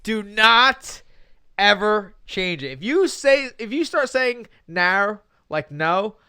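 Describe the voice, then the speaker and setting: A man's voice: high-pitched, big pitch swings, slow, pushed and bright, clear, resonant tone, no room sound. A man co-hosting a podcast in a studio, bantering and teasing with casual swearing. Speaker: co-host.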